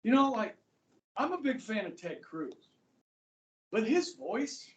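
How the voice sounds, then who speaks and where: Teaching history in a school classroom, a Kansas-accented man keeps things casual and chatty, often checking in with "okay?". His high voice swings widely in pitch and he speaks slowly. The recording, made from far off in the echoey room, has its highs cut off.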